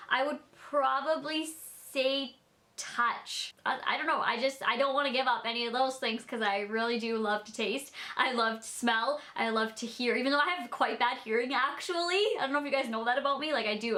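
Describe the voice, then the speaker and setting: Bubbly, bright-voiced young woman vlogger. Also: sits high, brisk. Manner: bubbly, chatty, many "like" fillers. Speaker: beauty YouTuber. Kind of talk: casual Q&A vlog.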